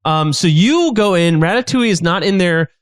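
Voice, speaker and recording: Man narrating improv comedy, game master, high voice, lively, stumbling. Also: no echo, clean studio sound. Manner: quick and animated, with stumbles and fillers.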